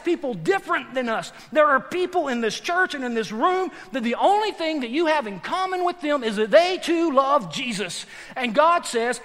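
Pastor preaching in a hall. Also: male voice, very high voice, lively intonation. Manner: swings from hushed and slow to loud emphatic shouts. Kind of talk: sermon. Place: large church hall. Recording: long hall reverb.

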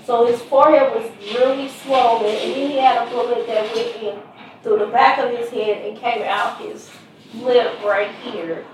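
A woman's voice: on the high side, fairly even intonation, moderate pace, a little hiss or hum. A middle-aged woman, a mother, giving earnest personal testimony in a conversational storytelling way. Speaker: mother of a murder victim. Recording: very echoey room, distant mic, faint ambience.

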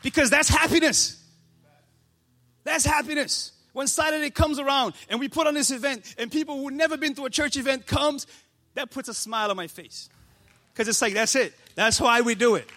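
A man pastor delivering a passionate sermon to his church, building to shouts. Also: very high-pitched, fairly quick. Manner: passionate, preaching with rising shouts.

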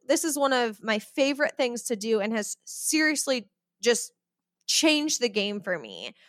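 A young adult woman hosting a solo podcast, talking in a chatty, animated way and often checking in with "okay?" and "right?". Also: high voice, no echo, clean studio sound. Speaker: podcast host. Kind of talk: solo podcast monologue on money mindset.

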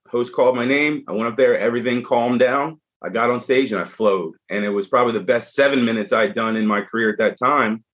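A man telling a story as a podcast guest in casual conversation, animated and frank, with frequent restarts. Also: medium pitch.

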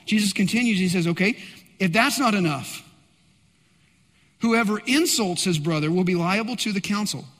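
A male pastor preaching a sermon, swinging between loud emphatic bursts and hushed asides. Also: high voice, moderate pace, pauses often, in a large hall.

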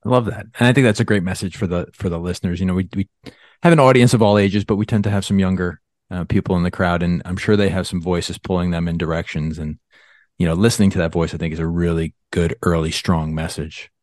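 Man, podcast host, very low voice, enthusiastic rambling questions, dry close mic. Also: steady tone, fast talker, a little mellow, no room sound. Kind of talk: conversational interview.

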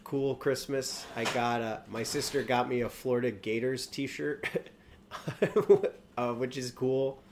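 A man's voice: medium pitch, takes it slowly, darkish tone, a little hiss or hum. A man co-hosting a comedy podcast, chatting casually and hesitantly, often trailing off. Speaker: podcast co-host. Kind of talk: casual chat.

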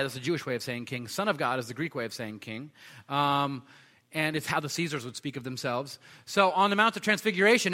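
A man's voice: a little high, sharp tone, in a large hall. A man preaching a sermon in a conversational way, with frequent fillers and restarts.

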